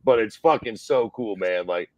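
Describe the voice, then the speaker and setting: A man's voice: on the low side, lively intonation, moderate pace, dry recording, rough recording. A man hosting a casual podcast chat, ranting animatedly and swearing a lot. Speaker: podcast host.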